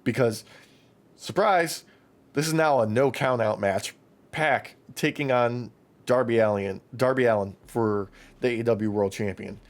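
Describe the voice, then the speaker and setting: Profane, excitable male podcast co-host. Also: mid-range voice, a little slow. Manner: excitable, profane, recaps matches with acted-out quotes. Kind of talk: casual wrestling chat.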